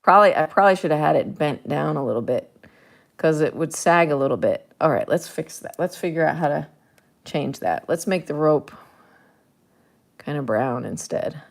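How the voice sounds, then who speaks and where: A woman's voice: low voice, expressive, moderate pace, creaky. A woman artist talking casually to the viewer as she paints, chatty, playful and thinking aloud. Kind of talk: casual narration while painting.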